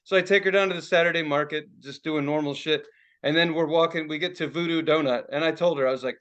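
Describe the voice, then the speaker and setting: A man's voice: fairly high pitch, fairly even intonation, fast, fairly bright tone, muffled recording. A man from Philadelphia, co-hosting a podcast and telling a rambling, profane story in casual chat, laughing as he goes. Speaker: podcast co-host.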